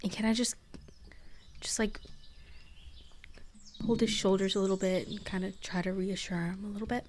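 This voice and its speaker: A woman playing a tabletop game, speaking gently and hesitantly. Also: mid-range voice, steady tone, moderate pace, long pauses, slight background noise. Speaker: player. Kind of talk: tabletop role-play.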